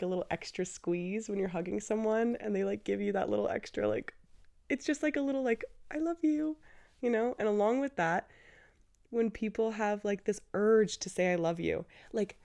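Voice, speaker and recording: A woman's voice: vocal fry, darkish tone. A woman in her twenties hosting a casual solo podcast, gushing and chatty, full of "like"s. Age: 20s. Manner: chatty and gushing, with lots of filler "like"s; breaks into a squeaky high put-on voice for quotes. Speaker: podcast host.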